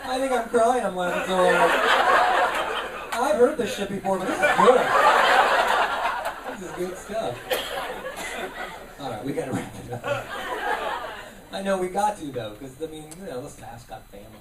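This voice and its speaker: A man's voice: high-pitched, normal speed, pauses often, very noisy. A man doing a live stand-up set, riffing with the audience. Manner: animated, riffing with the crowd. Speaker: stand-up comedian. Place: comedy club stage. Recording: roomy live club, distant mic, loud crowd. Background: audience laughter.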